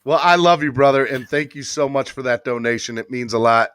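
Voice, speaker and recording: Excitable man hosting a live sports podcast. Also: medium pitch, brisk, dry recording, studio quality. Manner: excitable, emotional, lots of fillers and restarts. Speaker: podcast host. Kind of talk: casual live-stream chat.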